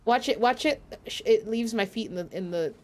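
A woman's voice: fairly high pitch, moderate pace, darkish tone, a little hiss or hum. A woman VTuber streamer giving live commentary as she plays a game, reacting emotionally and swearing freely.

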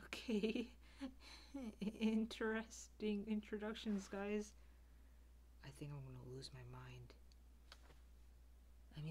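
A woman's voice: deep voice, a little mellow, slight background noise. A woman playing a flustered teacher on the first day, muttering weary whispered asides to herself. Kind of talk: comedy sketch character.

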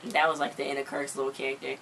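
A woman giving a casual, chatty episode recap, peppering her talk with "like" as she retells scenes in an animated way. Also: a bass voice, very fast, a little hiss or hum, low-quality recording. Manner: chatty, full of "like" fillers. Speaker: show recap host.

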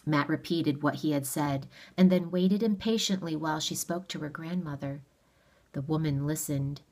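Woman, audiobook narration, low pitch, steady, measured. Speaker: audiobook reader. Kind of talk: read-aloud narration of a novel.

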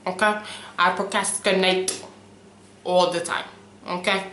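Animated young woman vlogging in an echoey room. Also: medium pitch, moderate pace, pauses often, slight background noise. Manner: animated, preachy, repeats "okay?" often; wavers between loud emphasis and soft trailing asides. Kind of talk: casual talk-to-camera chat. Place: room at home, late at night.

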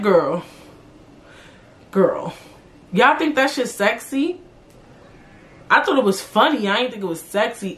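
Young woman, podcast host: blunt, profane, animated solo rant, voice a bit high.

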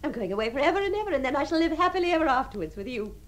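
An actress in a radio drama playing a refined, lonely woman who imagines she is about to marry, her voice moving between breathy tenderness and giddy excitement. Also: high-pitched, very fast. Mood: confused, insistent. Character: deluded lonely upper-class spinster dreaming of marriage. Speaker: the Princess.

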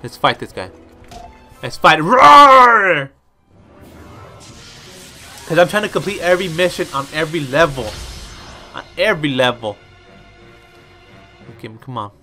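A young man giving excitable let's play commentary, talking to himself and trash-talking enemies with some swearing. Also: a little high, normal speed, pauses often. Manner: excitable, talks to himself while playing. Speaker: gaming video host. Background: faint background music.

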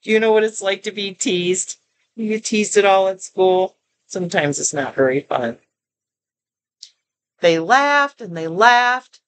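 Slow, lively grandmotherly storybook reader. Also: medium pitch, a little hiss or hum. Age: older. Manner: expressive, stops to comment and ask the listener questions. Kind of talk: reading a children's picture book aloud.

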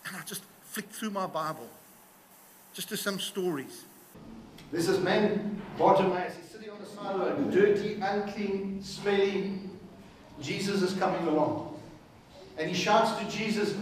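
A man preaching a sermon, speaking with passion and getting louder as he retells the stories. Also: sits high, normal speed, slight background noise. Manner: impassioned, rising in volume when retelling stories. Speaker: pastor.

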